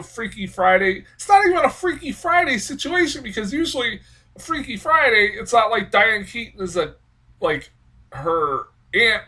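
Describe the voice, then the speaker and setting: A man's voice: on the high side, pushed and bright. A man giving a casual, rambling movie review, swearing often and sounding exasperated, with plenty of fillers. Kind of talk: casual spoken film review.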